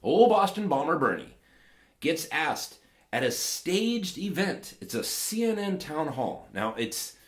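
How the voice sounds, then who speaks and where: A man's voice: fairly high pitch, big pitch swings, slow pace. Guy doing a podcast rant, sarcastic, rambly, swings up and down a lot, roomy echo. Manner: rambling, sarcastic, with many fillers. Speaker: podcast host. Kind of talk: casual political commentary.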